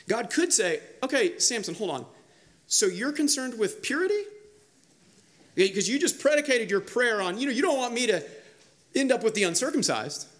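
Animated man preaching a lively sermon. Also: high-pitched. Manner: animated, emphatic, acts out quoted voices with restarts. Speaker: pastor.

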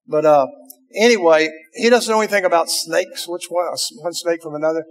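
An older man spins folksy outdoor yarns for a live crowd, drawling and chatty with plenty of "uh"s. His voice sits fairly high for a man and rings out with a long reverb from a big hall. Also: brisk. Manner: drawling, chatty, frequent "uh" fillers. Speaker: storyteller. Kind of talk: folksy storytelling to a live audience.

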